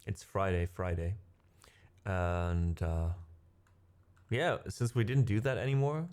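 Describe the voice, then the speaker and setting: Deep-voiced and slow, with a darkish tone, this man is a music streamer who isn't a native English speaker. Between piano pieces he chats casually with his livestream audience, rambling, correcting himself, and laughing often.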